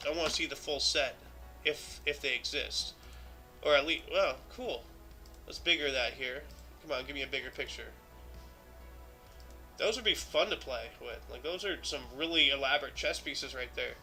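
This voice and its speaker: A man with a high, very bright and sharp voice reads historical entries aloud on a livestream. Between entries he drifts into loose, offhand chat, full of ums and restarts. Soft music plays faintly underneath. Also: moderate pace, poor audio. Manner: reads dates aloud, then chats loosely with many fillers. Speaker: host of a daily history show. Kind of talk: livestream reading and commenting.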